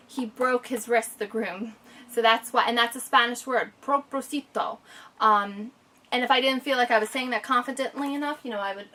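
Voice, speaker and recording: Expressive woman teacher reading aloud, slightly distant. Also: on the high side. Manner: expressive, slows down to savor descriptive lines. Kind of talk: reading a picture book aloud to a child, with teaching asides.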